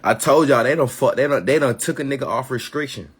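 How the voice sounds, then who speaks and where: A man's voice: medium pitch, fast talker, slightly rough. A man hosting a live community gathering, talking passionately with a lot of slang, swearing and repeated phrases. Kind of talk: casual live-stream talk.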